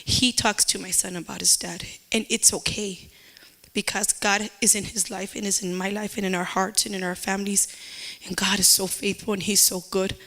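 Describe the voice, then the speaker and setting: A woman's voice: mid-range voice, flat delivery, moderate pace, sharp tone. A middle-aged woman giving an emotional personal testimony at church, repeating herself and slipping into Spanish phrases.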